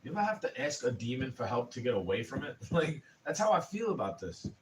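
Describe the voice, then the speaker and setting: A man's voice: mid-range voice, very animated, fast, slight background noise. Ranting young man, distant mic. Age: 20s. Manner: profane, heated ranting. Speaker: streamer. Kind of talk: casual livestream rant.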